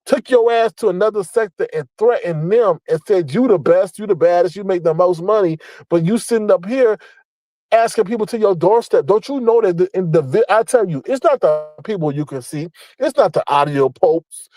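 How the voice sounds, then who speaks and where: A man with a high-pitched voice delivers a blunt, profane rant, scolding and mocking as he hammers his points home by repeating them. The sound is dry and close, with no room around it. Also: lively intonation, normal speed, darkish tone, dry recording, poor audio. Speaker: online commentator. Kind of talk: ranting commentary.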